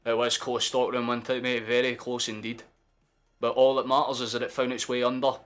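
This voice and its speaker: Bright-voiced football fan streamer. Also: male voice, medium pitch, brisk, soft background music. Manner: excitable, sweary, erupts into shouting. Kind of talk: live match watchalong commentary.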